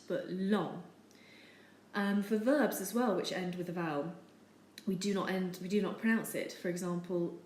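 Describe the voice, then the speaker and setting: Woman teaching, echoey room. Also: mid-range voice. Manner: steady, patient, with frequent ums. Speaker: French teacher. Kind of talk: explaining over slides. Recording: echoey room with faint noise.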